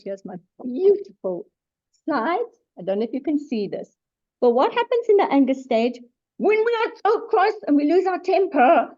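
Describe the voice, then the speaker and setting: A middle-aged woman, a psychologist giving a webinar talk in an animated, emphatic way with self-deprecating asides. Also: a little high. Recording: dull lo-fi webinar audio.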